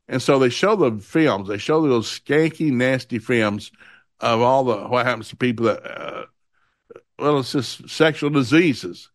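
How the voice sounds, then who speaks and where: A middle-aged man preaching a sermon, telling stories from his life and reading Bible verses slowly and with emphasis. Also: medium pitch, no echo, studio quality. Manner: storytelling, animated when acting out anecdotes.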